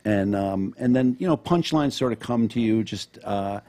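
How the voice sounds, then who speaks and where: A man appearing as a guest on a podcast, talking in casual chat about writing comedy, measured and reflective with frequent ums. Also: on the low side, lively intonation, warm tone.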